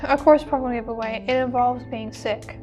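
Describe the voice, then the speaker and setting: A woman's voice: on the high side, steady tone, fast, a little mellow, faint music behind. A teenage woman co-hosting a podcast, chatting casually with frequent giggles and restarts. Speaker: podcast co-host. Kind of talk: casual chat.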